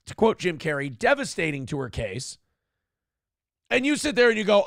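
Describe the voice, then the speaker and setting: A man's voice: fairly high pitch, sing-song, measured pace, vocal fry, dry recording, studio quality. A man hosting a morning show, giving profane, sarcastic commentary on news clips.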